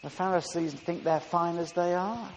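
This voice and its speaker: High-voiced preacher in an echoing hall. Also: male voice, fairly even intonation, moderate pace. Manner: emphatic, swings from soft to loud. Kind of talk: sermon. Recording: long reverb with faint hiss.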